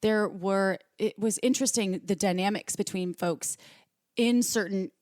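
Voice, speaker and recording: Animated woman podcast co-host. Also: a little slow, no room sound, studio quality. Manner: animated storytelling, voices quoted lines high and bright. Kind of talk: casual podcast chat.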